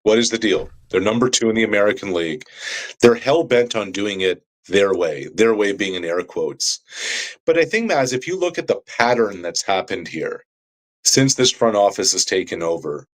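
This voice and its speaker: A man's voice: fairly low pitch, animated, normal speed. A man co-hosting sports talk radio, ranting with passion and firing rhetorical questions.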